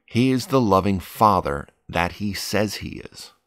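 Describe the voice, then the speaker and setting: A man's voice: fairly low pitch, measured pace, a bit bright, no echo. A man reading Bible verses aloud and explaining them in an earnest devotional talk. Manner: reads scripture then explains it plainly; earnest, rises when urging prayer. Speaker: Bible teacher.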